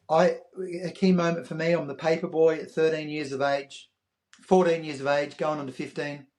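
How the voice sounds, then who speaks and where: An Australian man in his fifties, a podcast guest telling a story with animation and acting out the voices of others. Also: fairly high pitch. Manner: animated, acts out quoted voices. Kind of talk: interview storytelling.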